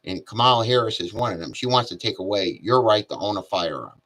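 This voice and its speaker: Guy ranting about politics, lowish bright voice, lots of ums and restarts. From Connecticut. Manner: halting, many fillers and restarts. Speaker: political commentator. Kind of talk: casual political commentary.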